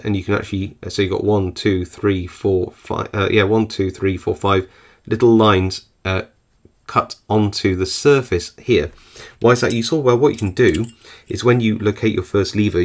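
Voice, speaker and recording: A man, hosting his own channel and giving a casual product review, easygoing and often pausing with ums and restarts. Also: lowish voice. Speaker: lock-picking channel host.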